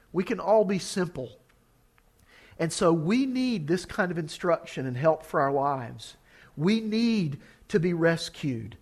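A man preaching a sermon, reading scripture with earnest urgency. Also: fairly high pitch.

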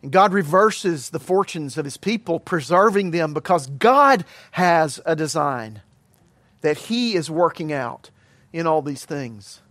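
A middle-aged man preaching a sermon as pastor, earnest and emphatic with measured pauses. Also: on the high side, animated, fairly bright tone, dry recording.

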